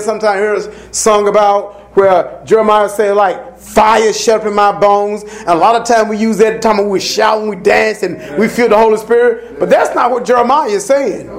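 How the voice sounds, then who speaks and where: Preacher, male, very high-pitched, call-and-response style, climbs to shouts. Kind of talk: sermon.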